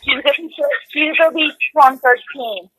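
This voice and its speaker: A woman's voice: high voice, moderate pace, pushed and bright, low-quality recording. A woman calling into a chat show, talking in a hesitant, stumbling way. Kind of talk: casual phone chat.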